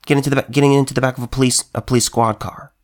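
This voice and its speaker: A man's voice: mid-range voice, level tone, rapid-fire, darkish tone. Heated man with stumbling restarts. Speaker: political commentator. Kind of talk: emphatic monologue commentary.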